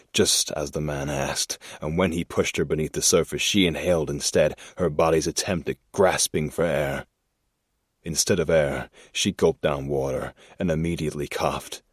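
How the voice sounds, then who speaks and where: A man narrating a crime thriller audiobook in a measured, deliberate storytelling manner. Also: rumbling low, breathy edge, no room sound, studio quality.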